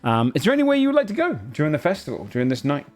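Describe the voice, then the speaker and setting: Rambling game master, faint music. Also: male voice, fairly high pitch, huge pitch swings, rapid-fire, a little mellow. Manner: loose, hesitant narration full of fillers. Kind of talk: narrating a tabletop game.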